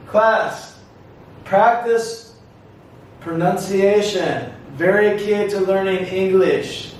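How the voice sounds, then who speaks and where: A man leads a classroom English lesson with very slow, deliberate repeat-after-me drills. His voice sits fairly high. The recording is echoey and sounds distant from the mic. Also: a little hiss or hum. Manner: slow, deliberate, drawn-out modeling of words. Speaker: English teacher.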